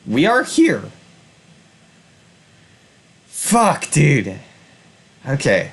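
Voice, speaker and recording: Husky, exasperated gaming host, swearing. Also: male voice, mid-range voice, very animated, slow pace, pauses often. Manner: frustrated, swears often, rambling. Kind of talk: casual let's-play commentary.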